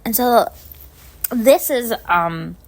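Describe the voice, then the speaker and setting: Young woman vlogging a story time, chatty, animated, doing both sides of the convo. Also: on the high side, extremely slow. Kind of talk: casual storytelling to camera.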